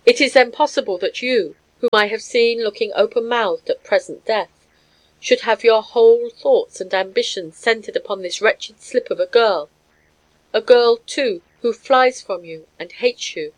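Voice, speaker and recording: A woman voicing a gruff Scottish man who speaks curtly and dismissively. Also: fairly high pitch, measured pace, no echo, close to an everyday voice, low-quality recording. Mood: scornful. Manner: curt, dismissive.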